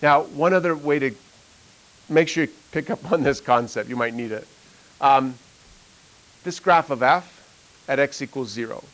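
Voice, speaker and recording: A man's voice: mid-range voice, normal speed, long pauses, a bit bright, low-quality recording. A middle-aged man, a math teacher, telling a story in a classroom, rambling with lots of fillers and frequent laughs. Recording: faint hiss.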